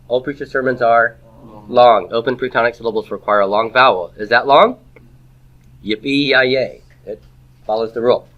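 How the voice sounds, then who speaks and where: Bright-voiced man teaching a classroom lecture. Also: mid-range voice. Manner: explains with quick rhetorical questions to the class. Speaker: Hebrew grammar teacher.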